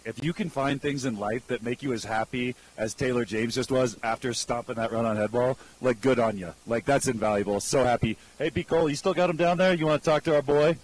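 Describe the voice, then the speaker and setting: A man's voice: mid-range voice, low-quality recording. A man co-commentating a live freeride ski event in a laid-back, casual way with lots of fillers.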